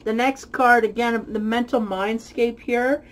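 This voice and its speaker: A woman's voice: fairly high pitch, steady tone, unhurried, poor audio. A woman giving a spiritual tarot reading who muses aloud, searches for her words and often breaks into light laughter. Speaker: tarot reader.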